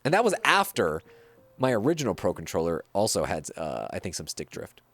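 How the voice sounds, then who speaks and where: A man's voice: low voice, wildly swooping pitch, fairly bright tone, husky, faint music behind. Chatty male game streamer. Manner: chatty, reacts to viewer messages, quick laughs. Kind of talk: casual gameplay livestream chat.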